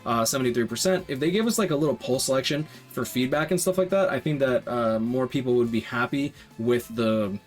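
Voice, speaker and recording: A man's voice: mid-range voice, fairly quick, hardly any pauses, soft background music. A man casually talking through game survey results as a YouTuber, rambling with lots of fillers and restarts. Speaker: gaming YouTuber.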